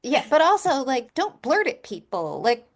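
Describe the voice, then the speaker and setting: A woman's voice: high voice, big pitch swings, moderate pace. A woman hosting an interview, speaking conversationally and emphatically. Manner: emphatic, indignant asides. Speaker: podcast host.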